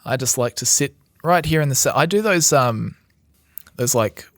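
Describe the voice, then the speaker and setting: A man's voice: mid-range voice, lively intonation, normal speed, a bit bright, no room sound. A young man co-hosting a casual podcast in a mid-range voice. He talks in a chatty, joking way and throws in mocking impressions of other people. The recording is close and dry. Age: young adult. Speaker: podcast co-host. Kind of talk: casual chat.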